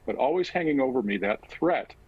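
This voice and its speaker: A man talking as a guest in an interview, recounting a personal story in a halting, reflective way with frequent pauses. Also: mid-range voice, lively intonation, husky, muffled recording. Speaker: guest author.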